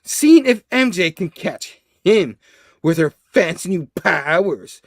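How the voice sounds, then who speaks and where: A man voicing a male superhero turned vengeful, reading the lines slowly and with menace in a casual comic recap. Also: sits high, sing-song, no echo, studio quality, heavily acted. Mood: menacing.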